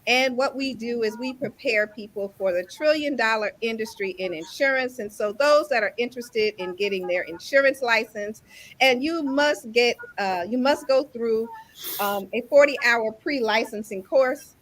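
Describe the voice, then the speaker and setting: An upbeat woman hosts a live online talk show, speaking as an insurance instructor. Her voice sits somewhat high, and her manner is eager and lively. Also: normal speed. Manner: upbeat and enthusiastic.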